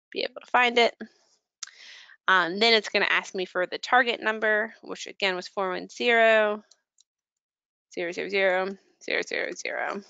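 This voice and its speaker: A woman giving a casual software training walkthrough, filling her pauses with ums while she clicks through settings. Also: medium pitch, gravelly, dull audio. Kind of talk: screen-share product walkthrough.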